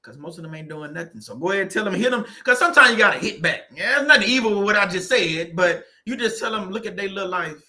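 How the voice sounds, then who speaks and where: Bright-voiced joking man. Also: high-pitched, animated, quick pace, few pauses. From Southern Louisiana. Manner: joking, preachy, laughs often. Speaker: channel host. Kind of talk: casual motivational talk. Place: room at home.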